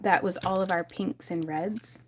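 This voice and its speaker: A woman's voice: lowish voice, fairly even intonation, normal speed, a little hiss or hum. A woman hosting a casual crafting livestream from home, chatting and laughing often as she reads viewers' comments.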